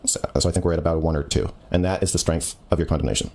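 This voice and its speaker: A man debating a caller on a stream, talking bluntly and cutting in often. His voice sits very low. He speaks at a rapid-fire clip. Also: steady tone, vocal fry, a little mellow. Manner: blunt, lecturing, interrupts. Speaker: streamer taking a call. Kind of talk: heated debate on a call.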